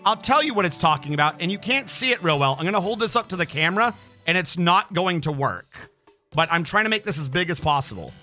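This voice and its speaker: A fairly high, bright-toned man with a throat infection, streaming live and ranting in an exasperated, profane way. Faint music plays quietly under his voice. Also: expressive, fast talker. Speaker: game streamer. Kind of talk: casual livestream chat.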